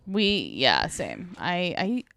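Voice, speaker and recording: A woman's voice: on the low side, wildly swooping pitch, slow, gravelly, fairly bright tone, no echo, clean studio sound. A young woman co-hosting a podcast, rambling playfully about a movie. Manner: rambling, playful, full of fillers. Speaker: podcast co-host. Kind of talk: casual movie review chat.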